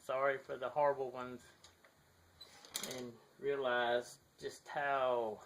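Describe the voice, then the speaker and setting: A man's voice: medium pitch, level tone, takes it slowly, a bit bright, a little hiss or hum. A man with a thick Southern US accent chatting casually to a handheld camera outdoors, rambling and apologetic with lots of fillers. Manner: self-deprecating, rambling with many fillers. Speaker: model builder showing his work. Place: outdoors near his garage, in sunlight. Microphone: handheld camera, shaky.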